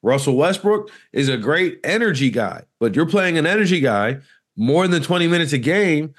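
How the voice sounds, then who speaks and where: A man in his thirties chats casually as a sports podcast co-host. His talk rambles and restarts, and he often sinks into a lower, dry tone for wisecracks. The delivery is loose and conversational. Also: expressive, moderate pace. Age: 30s. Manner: rambling, joking, many restarts, dips low for asides.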